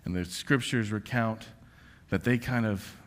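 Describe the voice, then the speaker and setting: A man preaching a sermon, passionate and conversational, who swings from yelling out prayers to hushed near-whispers. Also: lowish voice, a little slow. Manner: self-confessed yeller, passionate and conversational. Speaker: pastor.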